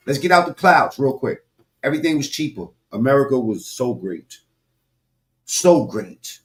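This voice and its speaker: Guy ranting on camera, cussing a lot, gets loud then drops low, talks right at his viewers. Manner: animated, loud swings, heavy swearing, talks to viewers directly. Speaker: political commentary vlogger. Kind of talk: profane ranting commentary.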